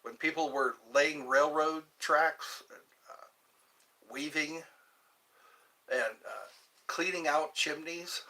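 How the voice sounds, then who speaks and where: Slow, bright-voiced older man rambling. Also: on the high side, fairly even intonation, rough recording. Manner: slow, meandering, joking to himself. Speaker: livestream host. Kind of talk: casual rambling livestream chat.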